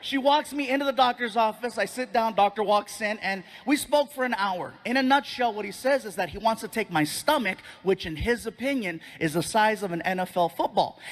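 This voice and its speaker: A male stand-up comedian telling an animated story on stage and acting out other people's voices. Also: sits high.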